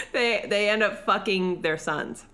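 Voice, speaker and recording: A woman's voice: mid-range voice, a bit bright. A woman co-hosting a podcast in casual chat, teasing and crude, with frequent giggles. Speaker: podcast co-host.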